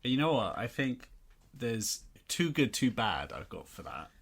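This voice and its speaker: A man's voice: mid-range voice, sing-song, measured pace, gravelly, a bit bright. A man co-hosting a film podcast, giving dry, wisecracking replies and critiques in casual chat. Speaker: podcast co-host.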